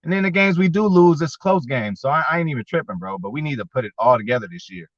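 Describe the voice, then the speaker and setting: A man's voice: mid-range voice, lively intonation, fast talker, no echo. A man hosting a casual sports fan show, talking with viewers in a slangy, profane way and getting worked up as he goes. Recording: dull lo-fi.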